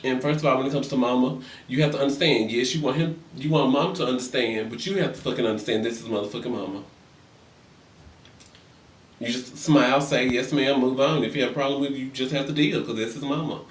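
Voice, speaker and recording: Medium in pitch and steady in tone, this man is a quick talker. In an echoey room, sitting far from the microphone, the young guy rants sassily and profanely about reality TV gossip, doing voices for what others said.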